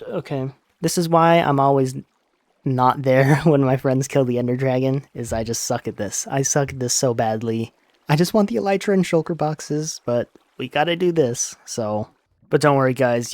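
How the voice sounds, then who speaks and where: A man's voice: mid-range voice, a little mellow, no echo. Chatty young man recapping a book while gaming. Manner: chatty, mutters at the game mid-story. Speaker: let's play host. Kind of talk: casual game commentary and book recap.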